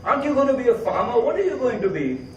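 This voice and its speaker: A man voicing a proud, hot-tempered farmer father who blusters and shouts at his son. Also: high voice, big pitch swings, measured pace, muffled recording, slight background noise. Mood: boastful, badgering. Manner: blustering, demanding, shouting in anger. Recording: roomy, distant mic.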